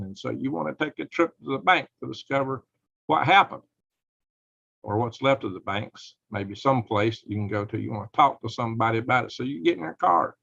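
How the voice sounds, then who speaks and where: With a gravelly, somewhat bright mid-range voice, a man from the United States hosts a live show, chuckling often as he wanders through speculative commentary. The recording is lo-fi, dull and dry, without echo.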